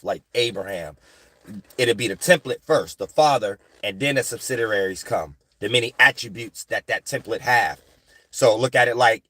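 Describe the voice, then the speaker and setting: A man's voice: medium pitch, a bit bright, no room sound. Man, casual spiritual monologue, rambling, dry room. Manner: rambling, repeats "you know what I'm saying". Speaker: astrology channel host.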